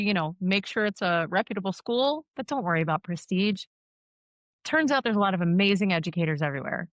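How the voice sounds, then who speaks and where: A woman's voice: medium pitch, dry recording. A woman in her thirties, a mortician, talking candidly and laughing often in a casual interview. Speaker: guest, mortician and funeral director.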